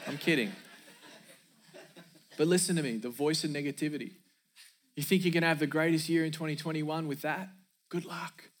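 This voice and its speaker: High-voiced man preaching with emphasis. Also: fairly even intonation, normal speed, pauses often, slight background noise. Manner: emphatic, repeats key lines for effect. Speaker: pastor. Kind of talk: sermon.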